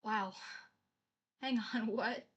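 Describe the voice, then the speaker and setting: A woman streamer talking to her live chat in a loose, casual way. Her voice sits a bit high for a woman, and she keeps apologizing and reading viewers' messages out loud. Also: drawn-out words, breathy edge, muffled recording. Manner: chatty, apologetic, reads chat aloud.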